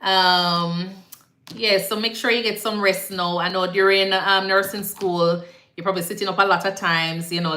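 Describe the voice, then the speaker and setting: A young Jamaican-accented woman, a nurse, hosts a casual live Q&A stream, blending patois phrasing into her advice. Her voice is fairly low in pitch yet bright, with a forceful tone, in an echoey room.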